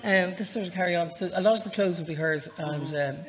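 A woman with an Irish accent tinged with northern tones, an author chatting in a self-deprecating way and then reading from her novel in a measured voice at a live library event. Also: on the low side. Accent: Irish, with a northern lilt. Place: public library event space, indoors. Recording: live reading with long hall reverb.

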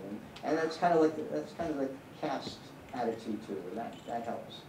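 A man's voice: mid-range voice, moderate pace, few pauses, warm tone, distant mic, a little hiss or hum. Older man answering in an echoey hall. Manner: rambling, restarts, candid anecdotes. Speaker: guest director answering audience questions. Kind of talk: live Q&A answers. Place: cinema hall with live audience.

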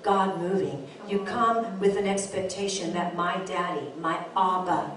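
An older woman pastor preaching a lively sermon, telling stories and drawing call-and-response from her congregation. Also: fairly low pitch, unhurried, heavy reverb, far from the mic. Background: congregation responding amen.

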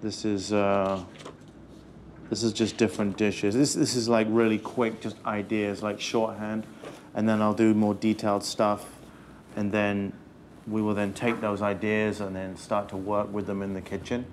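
In a restaurant kitchen, a head chef barks orders intensely and swears, in footage mixing a documentary interview with kitchen shouting. His voice is fairly low with little pitch movement and a slightly slow pace, and there's a bit of hiss or hum.

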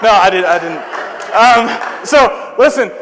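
A man's voice: high-pitched, expressive, takes it slowly, crowd noise, background noise. A young man preaching a youth sermon, telling stories in a joking, self-deprecating, conversational way. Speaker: traveling preacher. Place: church service with audience. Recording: long hall reverb.

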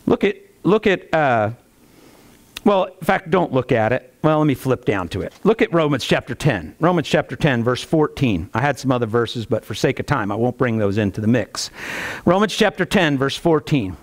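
A man preaching a sermon as pastor, animated, with folksy asides and chuckles. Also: moderate pace. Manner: animated preaching, rising pitch on rhetorical questions.

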